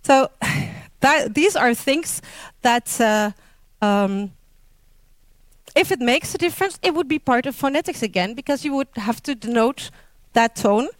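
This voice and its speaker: Woman, Dutch accent, non-native English, informal lecturer; slow, halting delivery full of fillers, dry close sound. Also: high voice, expressive, dry recording. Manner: slow, hesitant, many fillers and self-corrections. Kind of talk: informal talk on linguistics.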